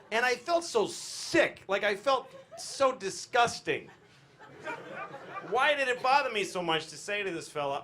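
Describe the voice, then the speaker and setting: A man's voice: high-pitched, big pitch swings, measured pace, noisy background. A man in his forties doing a crude, self-deprecating stand-up set in a comedy club. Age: 40s. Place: comedy club with a laughing crowd.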